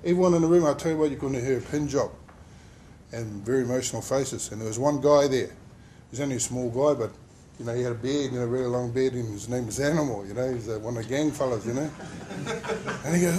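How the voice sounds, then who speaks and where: A man's voice: medium pitch, a little fast, mellow, slight background noise. A man telling an emotional personal story in a workplace safety talk. He rambles and uses many fillers as he speaks. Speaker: injured worker sharing his story.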